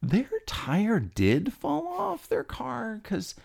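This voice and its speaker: A man voicing a shy teenage girl in class, speaking up softly and hesitantly for a classmate. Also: a little high, wildly swooping pitch, extremely slow, vocal fry, slightly rough, voice pushed up, full character voice. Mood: earnest. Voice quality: soft, hesitant, with 'um's.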